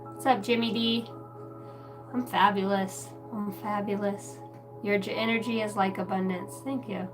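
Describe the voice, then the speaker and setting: A woman reading tarot cards on a live stream in a chatty, casual way, greeting viewers by name and clearing her throat now and then. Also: medium pitch, steady tone, moderate pace. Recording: distant mic with music playing behind.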